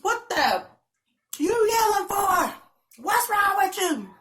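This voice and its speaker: A woman voicing a stern, angry mother who scolds her children with sharp, shouted lines. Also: very high-pitched, big pitch swings, slow pace, voice pushed up, exaggerated voice. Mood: scolding.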